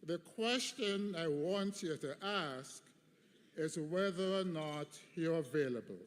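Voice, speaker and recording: A man preaching, voicing God as a quiet, gentle, fatherly voice in a large hall. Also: fairly high pitch, takes it slowly. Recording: long hall reverb.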